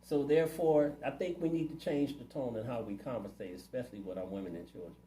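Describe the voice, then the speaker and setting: A man's voice: medium pitch, quick pace, mellow, echoey room, a little hiss or hum, low-quality recording. A man running for city council, answering interview questions in a plainspoken, earnest way. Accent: Ohio. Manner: earnest, plainspoken, community-minded.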